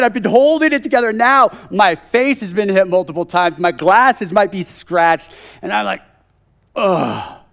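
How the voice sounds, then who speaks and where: A man's voice: high-pitched, a bit bright. A man in his thirties preaching a conversational sermon at a church service, telling a story with joking asides.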